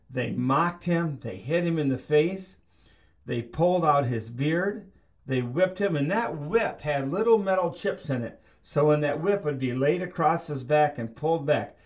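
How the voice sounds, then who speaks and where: A man preaching a sermon, reading scripture aloud and slowing down to stress his points earnestly. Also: mid-range voice. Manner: earnest, emphatic, slows for stress.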